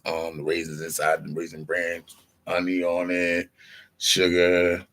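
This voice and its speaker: A middle-aged man with a low, gravelly voice rambles through a casual story, cursing freely and drifting from point to point. His voice has a husky grain to it. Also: fairly bright tone. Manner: loose, profane, meandering, acts out quoted people. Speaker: vlogger.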